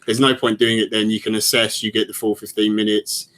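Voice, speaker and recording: A man's voice: fairly low pitch, level tone, a little fast, a bit bright. A man giving casual football analysis on a podcast, rambling and talking through lots of fillers and restarts. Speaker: podcast pundit.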